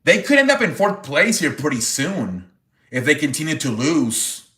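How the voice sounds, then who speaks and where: Excitable man in an echoey room. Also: a little high, normal speed. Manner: excitable, swears, exclaims "holy frijoles" over donations. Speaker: livestream sports show host. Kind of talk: casual live-stream sports chat.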